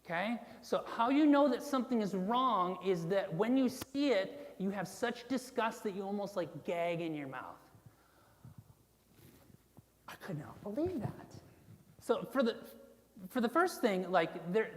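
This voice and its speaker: A woman's voice: medium pitch, animated, moderate pace, long reverb tail. A woman pastor giving a conversational sermon, with casual fillers and asides to the congregation. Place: church sanctuary.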